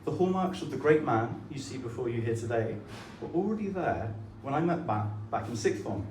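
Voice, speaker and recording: A man's voice: medium pitch, very animated, brisk, darkish tone. A man giving a best man speech with dry, mock-grand humour. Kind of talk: wedding speech. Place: wedding reception hall. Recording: echoey room, mic from far off, audible noise.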